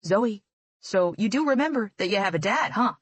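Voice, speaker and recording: Woman voicing a caring middle-aged dad, gentle, firm, audiobook. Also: medium pitch, lively intonation, normal speed, husky, dry recording, voice pushed up. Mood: protective. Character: protective, loving middle-aged father on the phone.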